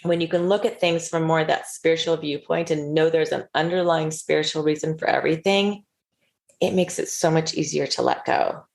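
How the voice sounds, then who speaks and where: A woman's voice: deep voice, fairly even intonation, normal speed, vocal fry. A middle-aged woman speaking as a podcast guest, earnest and storytelling as she gives advice to listeners. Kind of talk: casual interview chat.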